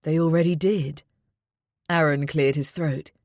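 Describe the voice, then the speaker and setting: Low-voiced woman narrating an audiobook. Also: steady tone, unhurried, darkish tone, dry recording. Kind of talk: scripted first-person narration.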